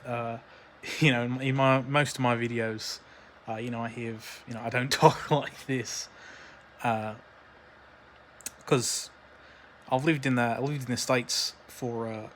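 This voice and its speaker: A man's voice: medium pitch, fairly even intonation, measured pace, pauses often, a little hiss or hum. A man with an Australian accent doing a comedic vlog monologue, talking in a rambling, hesitant, mock-earnest way with lots of filler sounds. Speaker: vlogger.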